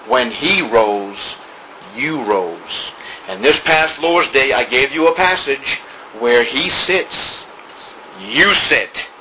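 A man's voice: a little high, noisy background. A male pastor preaching a sermon in church during a service, emphatic and repetitive, stretching out key words. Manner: emphatic preaching with repeated phrases and drawn-out words.

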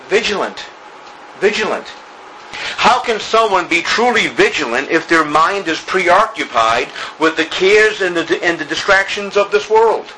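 Male preacher, bright forceful tone, emphatic repetitions, church sermon delivery. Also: on the high side, slight background noise, low-quality recording. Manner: emphatic preaching with repeated phrases and drawn-out words. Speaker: pastor. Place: church during a service.

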